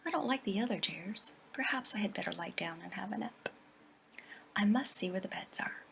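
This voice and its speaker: A woman voicing a polite, tired little girl, speaking softly and half-whispered. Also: medium pitch, lively intonation, moderate pace, creaky, slight background noise. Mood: fretful.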